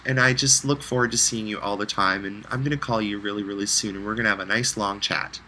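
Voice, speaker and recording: A man's voice: on the low side, steady tone, fast, hardly any pauses, sharp tone, a little hiss or hum, poor audio. A man recording a heartfelt, rambling personal video message, close to tears at times.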